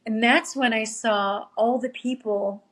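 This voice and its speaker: A woman's voice: fairly high pitch, fairly even intonation, measured pace, fairly bright tone. A middle-aged woman telling a heartfelt story as a podcast guest, earnest and close to tears at times, quoting her own thoughts along the way. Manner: earnest, tearful at times, quotes herself. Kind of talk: emotional storytelling.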